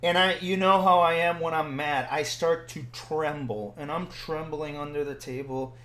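A man from Puerto Rico telling a story in casual chat, animated and building to loud bursts when excited. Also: on the high side, normal speed. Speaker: podcast host telling a story. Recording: roomy echoing room.

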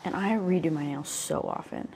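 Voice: medium pitch, moderate pace, vocal fry, a little mellow, slightly rough, in a large hall. A young speaker in their twenties with a Southern US accent, rambling casually and swearing often while moving around their bedroom. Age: 20s. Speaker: vlogger.

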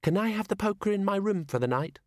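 Brief: male reader voicing a small girl, high and calm, matter-of-fact, storybook reading. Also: fast talker, dry recording, clean studio sound. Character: young girl, calm and sleepy.

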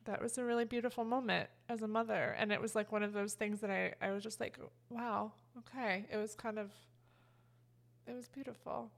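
A woman's voice: medium pitch, steady tone, a little fast, vocal fry. A woman co-hosting a podcast, talking in a casual, emotional way and rambling with many fillers. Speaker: podcast co-host. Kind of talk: casual heartfelt chat.

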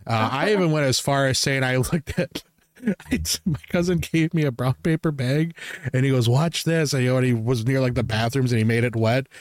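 A young man telling rambling, jokey stories on a casual podcast, laughing often and putting on loud silly voices. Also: medium pitch, brisk, no room sound. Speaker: podcast host. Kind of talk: casual podcast chat, storytelling.

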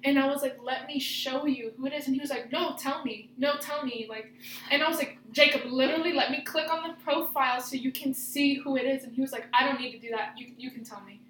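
A woman's voice: high voice, steady tone, quick pace, a bit bright, slight background noise. A young woman in casual chat, a breezy storyteller, recorded a bit off mic in an echoey room.

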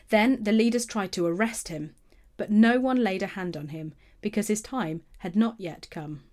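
A woman narrating a Bible passage in a steady, clear storytelling manner, letting phrase ends fall. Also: mid-range voice, normal speed.

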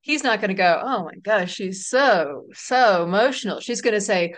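A middle-aged woman, an author being interviewed, telling stories in a relaxed, laughing way. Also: mid-range voice, normal speed. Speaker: author and guest. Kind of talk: casual interview chat.

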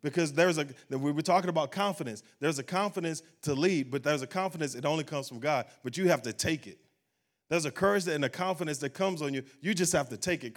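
A man's voice: fairly high pitch, fast. A man, a pastor preaching a sermon at a church service and closing in a rising, fervent prayer.

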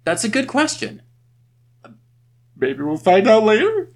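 A man co-hosting a podcast from a home setup, chatting casually in an animated way, swearing freely and laughing easily. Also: high voice, a little slow. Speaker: podcast co-host. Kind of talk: casual chat.

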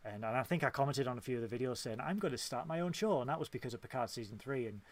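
A man from Hull with a Yorkshire English accent, hosting a casual podcast chat, talkative and quick to laugh. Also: mid-range voice. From Hull, England. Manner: chatty, laughs often, animated. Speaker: podcast host.

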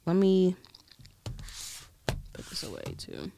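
A young woman vlogger chatting casually about TV shows in a put-on British accent, slangy and animated, with whispered asides. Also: lowish voice, slow pace, vocal fry, slight background noise. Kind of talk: casual chat recapping TV shows.

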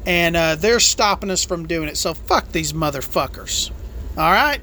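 A woman with a bright, tense voice vents on her solo podcast, swearing hard as she complains about the road. Her delivery jumps around, leaping up in bursts and then dropping low and quiet. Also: moderate pace, a little hiss or hum. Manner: profane, angry complaining; lively, jumpy delivery. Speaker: podcast host and truck driver.

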